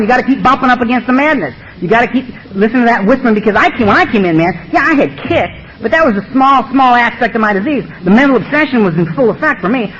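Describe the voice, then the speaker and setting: A man's voice: very high voice, fairly bright tone, a little hiss or hum. A man giving a blunt, streetwise personal testimony at a recovery meeting in a meeting room. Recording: dull lo-fi recording.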